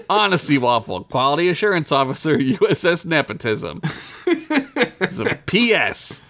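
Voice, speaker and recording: A man co-hosting a loose, casual podcast, reading listener emails aloud with frequent laughter and easy swearing. His voice is bright and forceful, and his pitch swings widely as he talks. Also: wildly swooping pitch, unhurried. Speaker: podcast co-host. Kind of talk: casual chat.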